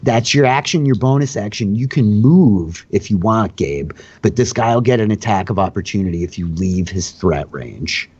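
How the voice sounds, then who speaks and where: Casting note: young male dungeon master, husky and fairly low voice, laid-back rule explanations, dull lo-fi call audio. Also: moderate pace, hardly any pauses. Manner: relaxed, filler-heavy explaining of rules. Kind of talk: narrating a tabletop game.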